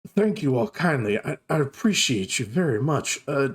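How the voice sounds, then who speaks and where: A man's voice: mid-range voice, big pitch swings, moderate pace, husky. A man voicing a flustered, stammering male clerk who checks on his mother during a tabletop game.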